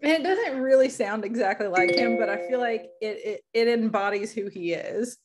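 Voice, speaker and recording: A woman's voice: a little high, normal speed, over loud music. Chatty woman teacher on a video call. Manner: chatty, laughs easily. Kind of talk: casual online class chat.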